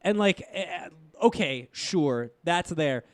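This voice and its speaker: A young man co-hosting a casual movie review podcast, animated and swearing freely as he mocks scenes. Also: fairly high pitch, slow, no room sound. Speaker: podcast co-host.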